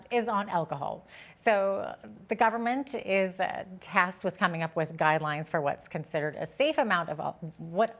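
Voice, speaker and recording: A woman news anchor asking friendly, measured questions in an interview. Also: lowish voice.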